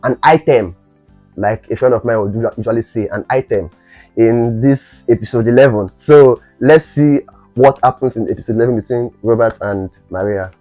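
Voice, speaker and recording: A man's voice: medium pitch, normal speed, mellow, dry recording, soft background music. A young man from Nigeria, casually reviewing a series episode and rambling with many fillers and restarts.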